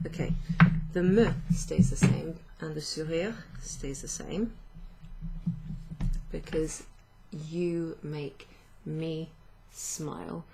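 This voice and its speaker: Slow, gravelly-voiced woman teaching French. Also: deep voice, heavy background noise. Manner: slow, patient explaining with fillers and self-corrections. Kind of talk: online language lesson.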